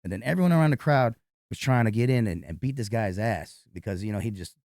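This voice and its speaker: A man who works as a nightclub bouncer tells a fight story in an interview, animated and profane. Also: lowish voice, quick pace, no room sound, clean studio sound.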